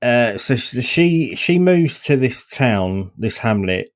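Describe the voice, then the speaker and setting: A man's voice: medium pitch, very animated, takes it slowly. Man, casual podcast talk, sardonic, swears a lot, stumbling restarts. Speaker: podcast co-host.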